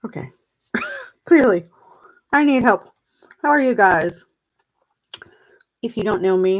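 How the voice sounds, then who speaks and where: A woman's voice: mid-range voice, very animated, slow pace, long pauses, rough recording. Chatty middle-aged woman on a live stream. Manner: chatty and rambling, often laughing at herself; chewing gum while talking. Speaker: mindset coach hosting a live stream. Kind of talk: casual live-stream chat. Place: at a table with her computer, indoors. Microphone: plug-in desk mic.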